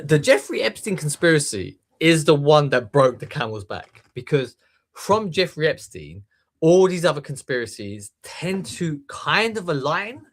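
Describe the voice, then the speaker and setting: A man's voice: medium pitch, fairly bright tone. A man in casual podcast chat, emphatic and profane, constantly checking in with the listener.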